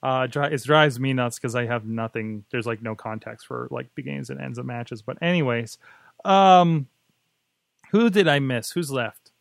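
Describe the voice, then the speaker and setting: A man hosting a casual wrestling podcast. He jokes, laughs often and swings between loud and quiet. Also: mid-range voice, moderate pace, creaky, dry recording. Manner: laughing, joking, animated swings in loudness. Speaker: podcast host. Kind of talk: casual chat.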